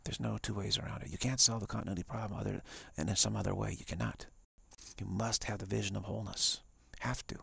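In a live-streamed talk, a male spiritual teacher speaks in a deep, heavily gravelly voice, emphatic and repetitive, slipping into whispers. His tone stays steady and sharp at a quick pace, with no room sound.

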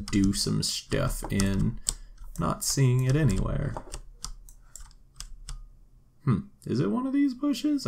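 A man's voice: medium pitch, vocal fry, slight background noise. A man giving casual, joking gameplay commentary and talking to the game characters as he plays. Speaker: gameplay video host.

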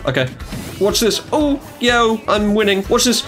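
A young man commentating his own video game matches, excitable and quick to yelp, gasp and trash-talk. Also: high-pitched, soft background music. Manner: excitable, yelps and gasps at plays, trash talk. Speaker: gaming YouTuber. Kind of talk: gameplay commentary.

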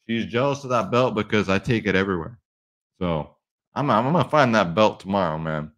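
A man with a fairly low voice hosts a casual sports betting vlog. He talks brashly and swears freely, and he whoops loudly as he hypes up his picks. He is recording in a sparse home studio with bare walls. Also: lively intonation, normal speed. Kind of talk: casual hyped-up vlog talk.

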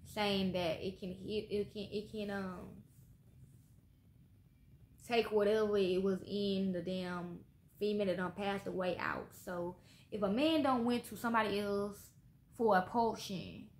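This tarot reader's voice is medium-pitched, steady and a little mellow, with an unhurried pace. Reading casually for viewers, she's blunt and swears a lot, ending lines with repeated "okay?" tags, recorded in an echoey room with faint background noise.

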